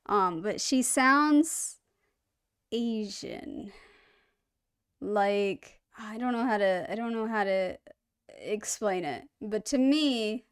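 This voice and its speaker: Woman, reaction video host, casual commentary, hesitant, thinks out loud, middle pitch. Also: expressive, slow, clean tone. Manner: thoughtful, hesitant, searching for words.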